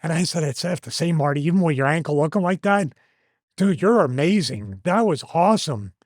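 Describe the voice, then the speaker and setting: Man in his fifties, host, lively storytelling, high-ish voice, dry close sound. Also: brisk, dry recording. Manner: animated, acts out quoted lines. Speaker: host, former wrestler. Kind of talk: casual storytelling.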